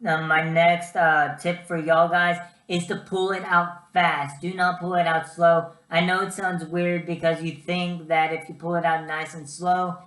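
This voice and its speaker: A man's voice: fairly high pitch, unhurried, few pauses, roomy sound. A young man giving casual vlog advice, chatty and full of ums and uhs. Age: young adult. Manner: chatty, lots of ums and uhs, animated storytelling. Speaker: student vlogger.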